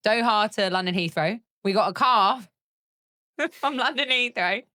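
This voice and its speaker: A woman's voice: medium pitch, a little slow, pushed and bright, no room sound, studio quality. A woman in her thirties, co-hosting a casual podcast chat, telling stories with lots of laughter. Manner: chatty, laughing storyteller. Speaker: podcast co-host.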